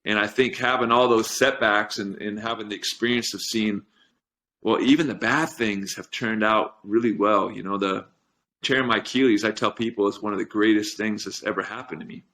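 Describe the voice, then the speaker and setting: A middle-aged man shares personal stories in an earnest, heartfelt way. His voice sits low, and he talks like a strength coach chatting on an interview show. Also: fairly even intonation, normal speed, sharp tone. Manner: earnest storytelling, gets emotional. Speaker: podcast guest, strength coach. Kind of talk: casual interview chat.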